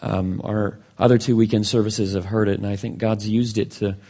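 Low, gravelly male pastor; earnest intro and prayer. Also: flat delivery, moderate pace. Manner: earnest, warm-hearted praying. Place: church sanctuary.

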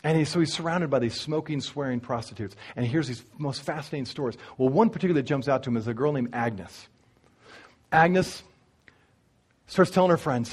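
A man preaching, telling a story and speaking straight to the congregation in an animated way. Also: medium pitch, a little fast, husky. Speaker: pastor. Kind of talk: sermon storytelling.

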